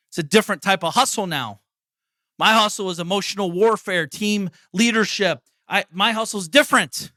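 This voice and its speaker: A man in his forties delivering a blunt, swear-laden motivational talk for his podcast. His voice is bright and forceful and sits a bit higher than most men's. It is recorded dry and close. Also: no echo. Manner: profane, blunt, preachy. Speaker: podcast host. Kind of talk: motivational monologue.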